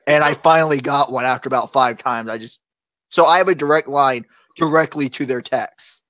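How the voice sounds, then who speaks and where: A man's voice: medium pitch, moderate pace, fairly bright tone, dry recording, highs cut off. A man chatting casually on a live show, telling long rambling stories and chuckling often.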